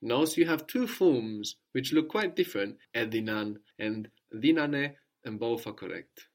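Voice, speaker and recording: Man, language teacher, medium pitch, patient, prompting questions, repeats answers. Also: lively intonation, measured pace. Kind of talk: guided language lesson.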